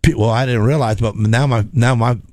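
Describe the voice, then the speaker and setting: A man's voice: mid-range voice, fairly even intonation, brisk, darkish tone, dry recording. A man spinning a long racing yarn in loose, rambling talk, often stumbling over his words. He is recorded dry and close, with no room sound. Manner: rambling storyteller, repeats words, laughs. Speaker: race car driver telling stories. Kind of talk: casual chat.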